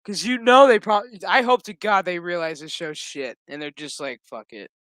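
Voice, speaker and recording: A man streaming a TV review as a furious, foul-mouthed rant with loud outbursts. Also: high voice, lively intonation, normal speed, no room sound, studio quality. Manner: heated, swearing constantly, loud outbursts. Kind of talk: profane angry rant.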